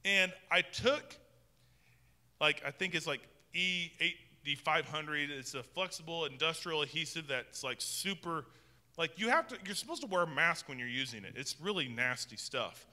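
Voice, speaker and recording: A man's voice: fairly high pitch, expressive, moderate pace, pushed and bright, big-room sound. A man preaching a sermon as pastor in a conversational style, often restarting his sentences. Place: church sanctuary with long reverb.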